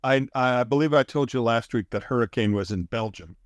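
A man co-hosting a casual comedy podcast, teasing his partner with dry, drawn-out stories. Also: mid-range voice, dry recording. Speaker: podcast co-host.

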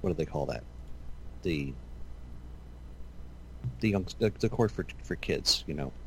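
A man co-hosting a casual talk show, chiming in with quick jokes and questions. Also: very deep voice, animated, fairly bright tone, slight background noise, poor audio. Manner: quick joking interjections. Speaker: podcast co-host. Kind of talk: casual chat.

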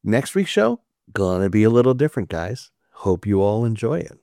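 A man with a fairly low voice hosts a loose, meandering podcast chat. He talks casually, often breaks into laughter and pokes fun at himself. The sound is dry and close, with no room around it. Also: very animated, moderate pace, vocal fry, warm tone, no echo. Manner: rambling, laughing, self-mocking. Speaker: podcast host.

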